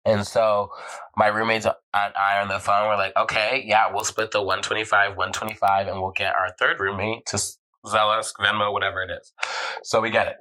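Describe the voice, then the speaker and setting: Young male vlogger, slightly low voice, animated storyteller who jumps into character voices. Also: fairly quick, low-quality recording. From Southern California. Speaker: vlog host. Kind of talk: casual storytelling.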